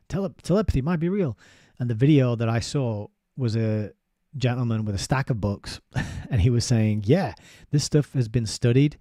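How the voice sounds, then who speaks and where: A man's voice: fairly low pitch, no echo, studio quality. A man reading a book aloud and breaking off into casual, chatty commentary. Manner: steady reading broken by chatty asides with fillers and laughs. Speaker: book reviewer.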